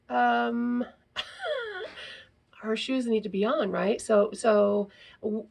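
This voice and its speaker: A woman's voice: a little high, lively intonation, very slow, creaky, long pauses, darkish tone. A woman hosting a parenting talk, explaining in a casual teaching style and tagging her points with "right?". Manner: frequent "right?" tags, reads aloud from a book. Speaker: parenting podcast host.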